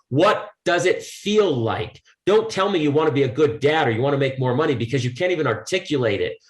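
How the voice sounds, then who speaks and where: A man's voice: mid-range voice, echoey room. A man who is a motivational speaker talking in a podcast interview, pressing home his points with repeated rhetorical questions. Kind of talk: emphatic podcast conversation.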